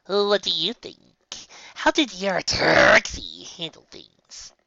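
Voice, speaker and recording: A woman's voice: medium pitch, wildly swooping pitch, slow, no room sound, voice pushed up, exaggerated voice. A woman voicing a once-boastful young female unicorn who sometimes calls herself by name, recorded on a dull lo-fi home setup. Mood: earnest. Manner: speaks of herself in third person at times, soft storytelling.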